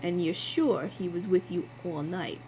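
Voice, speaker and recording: Brief: measured male investigator, steady and probing, read by a woman in a storybook reading, voice dropped a bit, faint hum behind. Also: on the low side, pitched below the performer's own voice, low-quality recording. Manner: measured, questioning.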